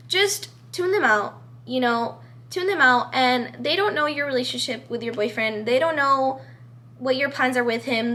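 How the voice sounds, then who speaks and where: Young woman vlogging, high voice, chatty and earnest, lots of "like" and "you know". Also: fairly bright tone. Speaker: vlogger giving advice. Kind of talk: casual advice vlog talking to camera.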